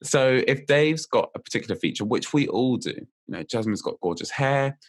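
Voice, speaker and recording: A man guesting on a podcast as a memory coach chats casually about memory techniques. He's lively and playful and laughs often, speaking at a medium pitch and a moderate pace.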